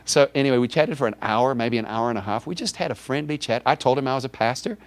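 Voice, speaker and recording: A pastor with a medium-pitched voice speaks fast as he tells a personal story in a sermon. He's animated, acting out the conversations in it, including dialogue with God in raised voices.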